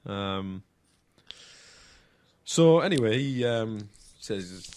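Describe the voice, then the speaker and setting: A man's voice: mid-range voice, expressive, moderate pace, a bit bright, a little hiss or hum. A man telling a crude story in casual podcast chat, hesitant and full of ums. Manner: rambling, hesitant, lots of ums, crude humour. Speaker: podcast co-host.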